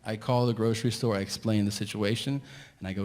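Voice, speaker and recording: A man's voice: fairly low pitch, quick pace. A man telling a long stand-up story, exasperated and profane, acting out the people in it on a live stage mic. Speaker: stand-up comedian. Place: theater stage before a laughing crowd. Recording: live hall with long reverb, faint noise.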